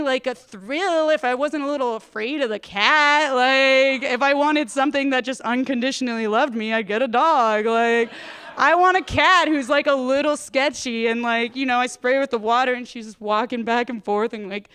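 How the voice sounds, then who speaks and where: A woman's voice: sits high, fairly bright tone, clear, resonant tone. A woman in her thirties performing a rambling, self-deprecating stand-up comedy set on stage. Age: 30s.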